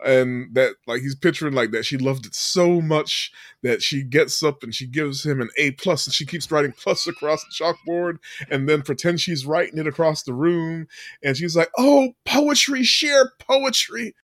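On a casual movie recap podcast, a male co-host retells a film scene by scene, frequently laughing and performing the quotes. His pitch is fairly high and his pace normal, with clean studio sound and no echo.

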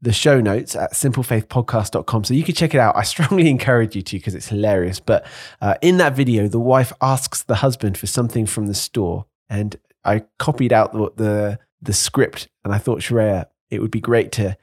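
A man's voice: fairly low pitch, moderate pace, hardly any pauses, darkish tone, no room sound, studio quality. Wry man co-hosting a faith podcast. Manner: wry, joking, self-correcting restarts. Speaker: podcast co-host. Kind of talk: casual chat.

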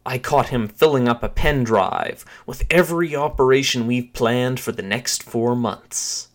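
A man's voice: mid-range voice, unhurried, lightly acted. A man voicing a bearded male terrorist officer who speaks in a commanding, urgent way.

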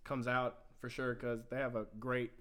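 A man's voice: mid-range voice, flat delivery, normal speed, a bit bright. Man rattling off football stats. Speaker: podcast co-host. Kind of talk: casual sports talk.

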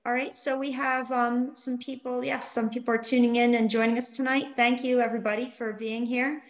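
A middle-aged woman with a fairly high voice co-hosts a live online Bible study. She reads scripture and viewer greetings in an easy, chatty way, with plenty of ums between names. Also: little pitch movement, a little fast, poor audio. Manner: warm greetings, reads viewer comments aloud with many ums. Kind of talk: live-stream chat and scripture reading.

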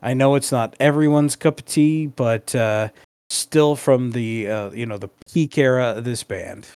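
A man's voice: medium pitch, a little slow, darkish tone, clean tone, no echo, studio quality. A man co-hosting a casual podcast, enthusiastic but hesitant, with many fillers. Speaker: podcast co-host.

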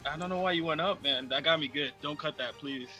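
A man co-hosting a casual podcast chat, animated and teasing, laughing often. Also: on the high side, fast, faint music behind. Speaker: podcast co-host.

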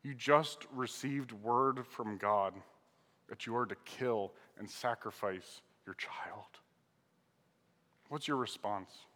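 A man's voice: mid-range voice, sharp tone, long reverb tail. A man preaching a sermon to a live congregation, reading scripture and asking emphatic, dramatic rhetorical questions. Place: church hall with an audience.

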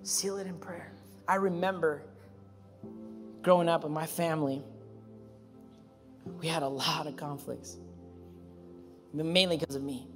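A man's voice: measured pace, pauses often. Emphatic male pastor preaching in a reverberant hall. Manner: emphatic, builds to loud high peaks then drops to calm storytelling. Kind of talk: sermon. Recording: reverberant church hall with music.

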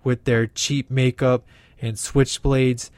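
A man voicing a brooding male caped vigilante in a comedy skit, growling and breathing heavily with awkward pauses. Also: medium pitch, flat delivery, no room sound, close to an everyday voice. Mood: grumpy stubborn. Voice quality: growling, heavy breathing, shouty. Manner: grumpy and stubborn with awkward pauses.

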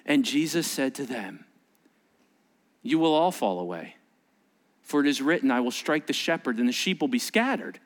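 A male pastor preaching a sermon in a conversational, animated way, acting out quoted voices and asking the listeners questions. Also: medium pitch, normal speed, pauses often. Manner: animated, acts out quoted voices with sudden rises; conversational, asks the congregation questions.

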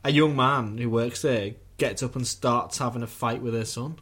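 A man's voice: mid-range voice, moderate pace, a bit bright, slightly rough. Wry male podcast co-host. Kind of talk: casual comedy podcast chat.

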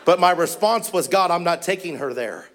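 A male missionary preacher telling a testimony from the pulpit. His voice sits a little higher than most men's, and he pushes into urgent, rising exclamations as the story builds. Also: animated, normal speed, a bit bright, a little hiss or hum. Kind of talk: storytelling sermon.

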